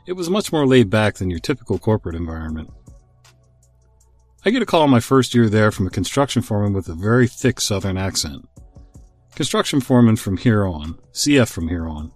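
An expressive man reads stories on his podcast in an amused tone. His pitch is lively and varied. The recording is dry and close, with faint music underneath. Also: no echo. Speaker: podcast host and story reader. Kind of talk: story narration.

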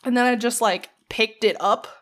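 A woman's voice: a little high, normal speed, fairly bright tone. Blunt teasing woman in her thirties. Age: 30s. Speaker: podcast co-host. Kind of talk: casual chat.

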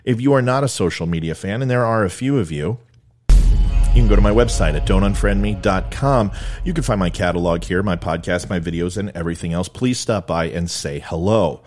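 A man's voice: low voice, a little fast, a little mellow, soft background music. A man hosting a political commentary talk show, blunt, opinionated and informal. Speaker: podcast host.

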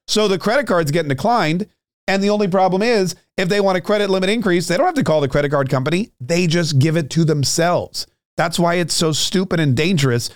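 A man's voice: sits high, fairly quick, dry recording, studio quality. A man hosting a podcast, delivering a ranting, sarcastic political commentary monologue. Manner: ranting, sarcastic, repeats words.

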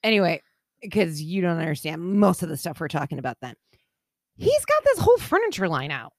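A woman co-hosting a podcast in casual chat, reacting quickly and teasing her co-host in a wry way. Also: lowish voice, big pitch swings, dry recording, studio quality.

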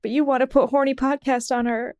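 A woman co-hosting a podcast in casual chat, frank and quick to laugh, swearing freely. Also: high voice, steady tone, dull audio, background noise. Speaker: podcast co-host.

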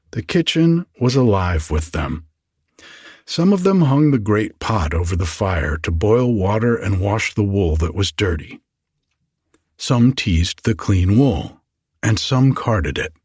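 A man hosting a sleep podcast, narrating a bedtime fairy tale in a calm, gentle way. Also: medium pitch, slightly rough, no echo, clean studio sound. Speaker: podcast host and storyteller. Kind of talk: slow bedtime story narration.

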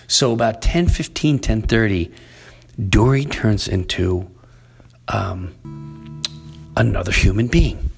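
A man's voice: fairly low pitch, unhurried, gravelly, husky, soft background music. A middle-aged man hosting a podcast, telling a rambling family story in casual chat and acting out what his family members said. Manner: rambling, animated storyteller who acts out quoted family members. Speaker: podcast host.

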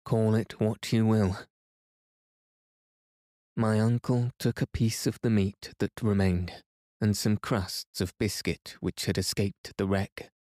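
A man reading a classic novel aloud as a calm bedtime story, soft and even. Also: on the low side, measured pace, no room sound, clean studio sound.

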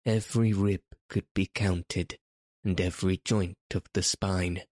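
Deep-voiced, slow male narrator. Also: steady tone, a little mellow, no echo, studio quality. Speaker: audiobook narrator. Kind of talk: scripted narration.

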